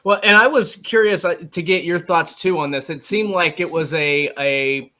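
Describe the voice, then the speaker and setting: A man's voice: fairly high pitch, normal speed, bright, forceful tone. A male radio co-host on a sports talk show, laying out his questions and views at length.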